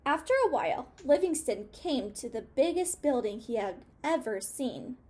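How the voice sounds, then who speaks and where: A woman's voice: high voice, lively intonation, normal speed, darkish tone. A woman reading a children's storybook aloud expressively, stopping to ask her young listeners questions.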